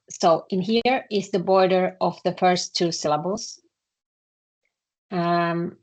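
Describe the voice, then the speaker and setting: Teaching a language lesson, a woman with a Finnish accent speaks in a fairly low, creaky, husky voice. Her delivery is halting, with frequent filler sounds and repeated words.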